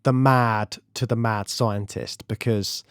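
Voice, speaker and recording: A man co-hosting a podcast, talking enthusiastically about film history in a casual, animated way. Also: fairly low pitch, slow, clean tone, no echo, clean studio sound. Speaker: podcast co-host.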